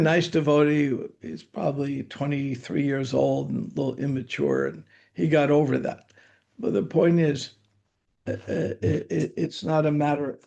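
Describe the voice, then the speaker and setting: A man's voice: a little high, gravelly, darkish tone, muffled recording. An older man giving a scripture lecture, telling anecdotes in a conversational way with dry humor. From United States. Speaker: spiritual teacher giving scripture class.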